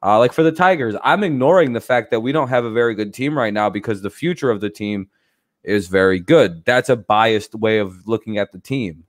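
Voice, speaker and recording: A man's voice: lowish voice, fairly quick, no room sound, clean studio sound. A man hosting a casual livestream, rambling loosely and swearing freely, with frequent laughs. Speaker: streamer host.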